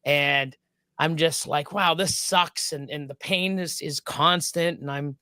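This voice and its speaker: High-voiced man rambling through a story. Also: steady tone, measured pace, pushed and bright, clear, resonant tone, dry recording. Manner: rambling and profane, with many restarts. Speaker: live stream co-host. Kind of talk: casual storytelling chat.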